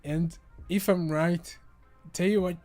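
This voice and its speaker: A man's voice: high voice, steady tone, takes it slowly, darkish tone, soft background music. Rambling, profane man from Africa. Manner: rambling and profane, with frequent stumbles and restarts. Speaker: podcast host. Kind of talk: casual solo podcast chat.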